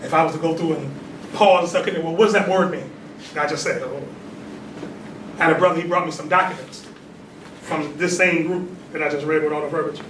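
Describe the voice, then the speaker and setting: High-voiced man preaching in an echoey hall. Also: fairly even intonation, brisk, long pauses. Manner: conversational preaching, frequent "right?" tag questions. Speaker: temple leader giving a talk. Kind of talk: call-and-response religious lecture. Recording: echoey distant room recording with noise.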